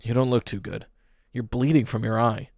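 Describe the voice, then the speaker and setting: A man's voice: mid-range voice, fairly even intonation, moderate pace, gravelly, a little mellow, no room sound, close to an everyday voice. Man doing a soothing, concerned teacher. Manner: soothing, reassuring. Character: calm concerned male teacher.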